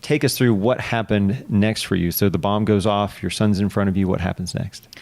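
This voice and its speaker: A man's voice: on the low side, fairly even intonation, normal speed, darkish tone. A man hosting a podcast interview in a friendly, easygoing way, sometimes hesitating and laughing easily. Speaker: podcast host. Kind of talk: casual interview talk.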